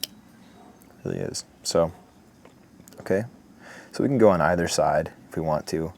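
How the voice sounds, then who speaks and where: A man talking through a woodcarving tutorial outdoors in a relaxed, chatty way, with asides. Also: low-pitched, normal speed, slight background noise. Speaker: woodcarving instructor. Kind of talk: step-by-step tutorial narration. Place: outdoors in the morning.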